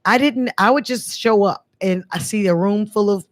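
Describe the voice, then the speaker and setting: Raspy-voiced woman telling stories. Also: mid-range voice, moderate pace, no echo. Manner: lively, emphatic, laughs often. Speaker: actress and voiceover artist guest. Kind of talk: animated storytelling in a radio interview.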